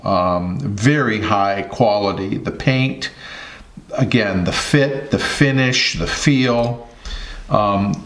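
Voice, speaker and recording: A man hosting a pencil review vlog, talking in an unhurried, thoughtful way with many pauses and fillers. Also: lowish voice, a bit bright, echoey room. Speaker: host.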